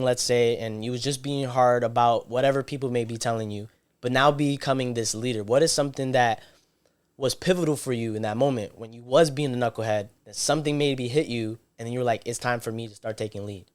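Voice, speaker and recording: Male podcast host with a mid-range voice who asks relaxed, probing questions. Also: mid-range voice, fairly quick, smooth. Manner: easygoing, searching questions. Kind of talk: conversational interview questions.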